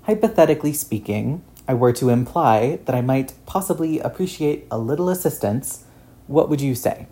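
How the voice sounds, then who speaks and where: Man voicing a glib quick-witted man, evasive wisecracks, mellow warm voice. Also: mid-range voice, expressive, voice pushed up, lightly acted.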